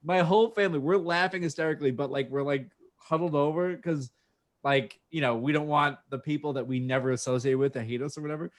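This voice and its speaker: A man's voice: on the high side, fast talker. A man co-hosting a podcast, telling a rambling, profane story with frequent laughs from his home office. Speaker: podcast co-host. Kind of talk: casual storytelling chat. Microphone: home office video call mic.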